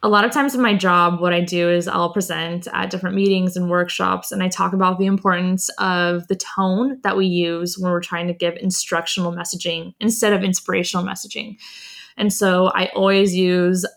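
A woman talks in easy, friendly conversation. Her voice is fairly low and has a strong vocal fry. She explains her work plainly. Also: little pitch movement, normal speed, a bit bright. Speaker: conservation outreach educator. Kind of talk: casual conversation.

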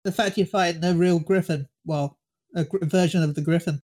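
Man, high voice, casual game chat, quick teasing reactions. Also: fairly even intonation, darkish tone.

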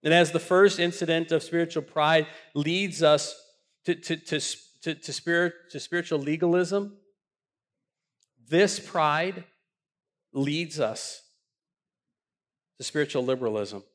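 A male pastor delivering a sermon in a fairly high voice. He preaches with passion and stumbles over repeated words as he builds toward each point. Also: measured pace, long pauses.

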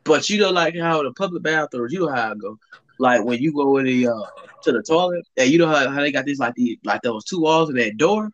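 A man's voice: mid-range voice, expressive, fairly quick, highs cut off. A young man telling a rambling, profane story in casual chat on a call, heavy with fillers.

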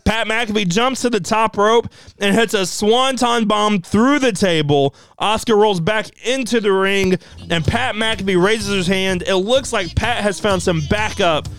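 A man casually recounting an imagined wrestling show in an excitable storytelling manner. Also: high-pitched, clear, resonant tone. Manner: excitable, quick, laughs as he tells it. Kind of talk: casual fantasy wrestling recap.

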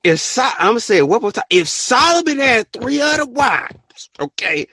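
A man hosting a podcast, ranting his opinion in an animated, profane way and bursting into shouts. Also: very high voice, normal speed, slightly rough, no room sound, studio quality. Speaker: podcast host.

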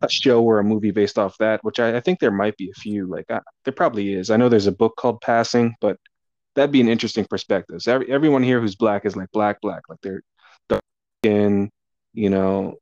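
A young man in casual conversation, talking in a relaxed, reflective way. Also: lowish voice, brisk, dry recording. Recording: dull lo-fi sound.

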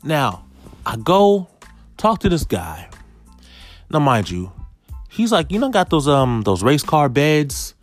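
A man telling a comic story, acting out the people in it with lively swings of voice. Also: fairly high pitch, takes it slowly, long pauses, soft background music. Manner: animated, acts out each character's lines. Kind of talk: comedic storytelling.

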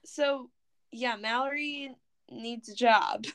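A woman's voice: on the high side, takes it slowly, a bit bright. A teenage girl co-hosting a podcast in casual chat, giggly and rambling with lots of filler words. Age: teens. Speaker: podcast co-host.

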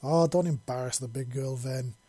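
A man voicing a playful young woman gently teasing her brother. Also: medium pitch, normal speed, slightly rough, lightly acted. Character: playful young sister, grinning.

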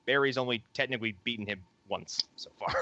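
Bright, dry-voiced man talking comics. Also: mid-range voice, a little fast, no echo, dull audio. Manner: animated, acts out quoted characters. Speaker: podcast co-host. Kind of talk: casual podcast chat.

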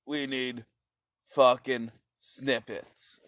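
Man, slightly high pitch, gravelly, rambling, profane, repetitive vlog monologue. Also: slow, pauses often. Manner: rambling, profane, repeats phrases.

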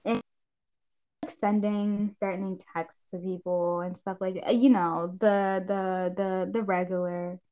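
A young woman co-hosting a podcast, rambling through casual gossip in an animated way. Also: mid-range voice. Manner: rambling, animated, quick shifts into shrieking impressions. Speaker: podcast co-host. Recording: dull lo-fi sound.

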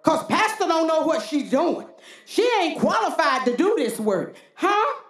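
A woman pastor preaches a little slowly, her very high-pitched voice swinging widely in pitch and reverberating. With folksy talk, she calls out repeated "Huh?"s to the congregation in call-and-response style.

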